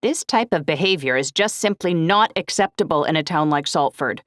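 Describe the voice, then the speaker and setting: A woman's voice: sits low, animated, moderate pace, fairly bright tone, no echo, studio quality, voice pushed up. A woman doing an indignant neighbor lady. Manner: indignant, emphatic.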